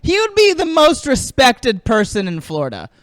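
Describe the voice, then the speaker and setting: A man's voice: very high-pitched, wildly swooping pitch, normal speed, dry recording. A stand-up comedian from the American South, rambling through a set and laughing at his own jokes in a small streaming studio.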